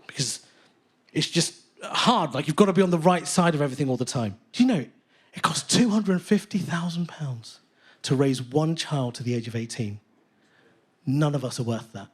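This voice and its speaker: A man in his late thirties performing a brash, animated stand-up set on a theatre stage. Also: on the high side, normal speed, breathy edge. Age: late 30s. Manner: animated, brash, swings between voices. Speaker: stand-up comedian.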